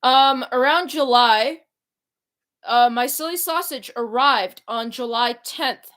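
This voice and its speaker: A woman's voice: fairly high pitch, fairly bright tone. A young woman talking casually as a YouTuber, rambling with many fillers and restarts into a computer mic. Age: young adult. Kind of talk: casual chat.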